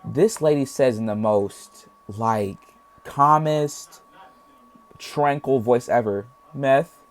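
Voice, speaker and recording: A man's voice: mid-range voice, slow pace. A young man telling a casual storytime, rambling with lots of slang and acting out what people said. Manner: rambling, heavy slang, acts out voices. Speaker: storytime vlogger.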